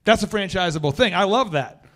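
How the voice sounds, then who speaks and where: A man hosting a podcast, telling stories in a slangy, animated, energetic way. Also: high voice, a little fast. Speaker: podcast host. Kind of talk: casual podcast chat.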